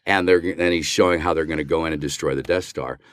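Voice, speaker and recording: A man's voice: rumbling low, fast talker, no room sound, clean studio sound. An older man, a voice actor, telling an anecdote in a casual interview and acting out the lines he quotes. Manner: animated, acts out quoted dialogue. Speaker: voice actor guest.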